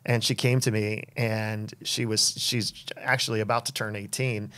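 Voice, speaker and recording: A man hosting a podcast, talking in a relaxed, affirming way. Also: fairly low pitch, normal speed. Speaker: podcast host. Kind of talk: conversational interview.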